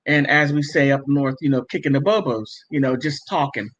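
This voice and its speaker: A middle-aged woman with an extremely low voice hosts a casual livestream, speaking a little fast as she reads viewer comments. She chats emphatically and laughs often, and the stream audio is muffled and lo-fi.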